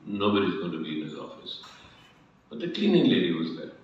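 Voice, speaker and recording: A panelist with a deep voice, wide pitch swings and a slightly quick pace tells an anecdote during a conference panel, mixing in Hindi phrases. He's in a large, echoey hall, picked up by a distant, dull-sounding mic.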